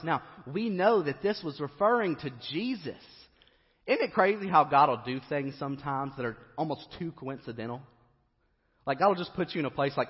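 A man's voice: mid-range voice, expressive, fairly quick. A man preaching a sermon in a church, telling a story with strong emphasis. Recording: reverberant hall, dull lo-fi.

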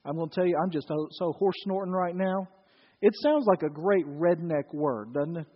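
A man's voice: a little high, normal speed. A man preaching a sermon to a congregation, telling the story with acted-out voices and questions to the audience. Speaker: pastor. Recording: dull, echoey hall recording. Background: live congregation.

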